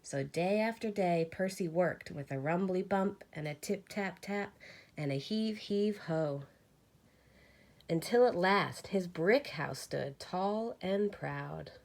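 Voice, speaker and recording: Woman, teacher, reading a storybook aloud, expressive, slow. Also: on the low side.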